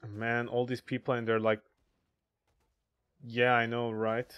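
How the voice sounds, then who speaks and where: A man's voice: mid-range voice, completely flat delivery, measured pace, clean tone, muffled recording. A man casually chatting on a gaming livestream, crude and joking as he reads chat aloud. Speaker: streamer.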